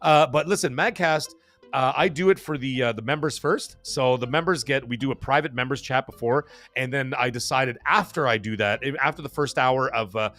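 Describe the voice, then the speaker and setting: A man hosting a live stream and reading out the chat. He talks fast and rambles, with lots of fillers and restarts. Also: mid-range voice, a bit bright, faint music behind. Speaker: livestream host reading chat.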